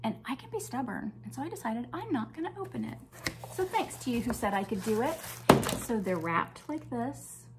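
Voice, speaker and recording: An older woman hosting a crafting vlog, chatting enthusiastically as she shows off her projects and sometimes dropping to a hush. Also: a little high, very animated, moderate pace, very noisy. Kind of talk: casual show-and-tell chat.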